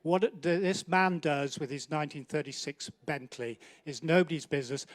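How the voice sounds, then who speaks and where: A man's voice: on the high side, moderate pace, no room sound. A man hosting an awards night, doing joking live banter as he walks between the banquet tables and teases guests by name. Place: large indoor banquet hall.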